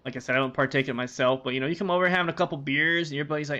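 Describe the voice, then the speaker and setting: A man's voice: fairly high pitch, steady tone, rapid-fire, bright, forceful tone. A man streaming a game, rambling to himself and his viewers with plenty of swearing. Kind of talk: casual gameplay commentary. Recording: dull lo-fi recording.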